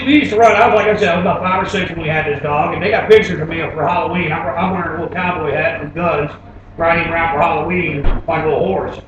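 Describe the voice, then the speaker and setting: On stage before an audience, a high-voiced man tells comic stories in a laid-back, rambling way. He sounds distant in a very echoey room, and the live recording is dull with steady background noise.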